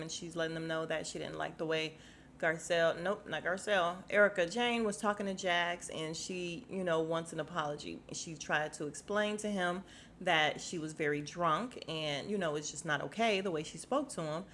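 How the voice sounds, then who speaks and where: A woman's voice: fairly low pitch, fairly bright tone, a little hiss or hum. Sassy, blunt woman podcaster. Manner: sassy, blunt, swears freely, acts out quotes with exaggerated voices. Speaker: podcast host reviewing a reality show. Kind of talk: casual recap chat.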